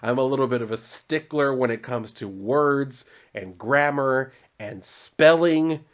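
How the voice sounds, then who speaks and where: A man's voice: medium pitch, normal speed. Casual, rambling male comic book reviewer. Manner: loose and conversational, full of "like" and asides, riffing and exasperated. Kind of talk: casual video commentary.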